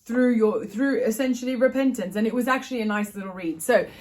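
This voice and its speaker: A woman's voice: on the high side, fairly quick. Chatty woman vlogger reading devotions. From Ireland. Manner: chatty, self-correcting, reads aloud gently. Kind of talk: casual vlog with devotional reading. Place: at home. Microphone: phone front camera.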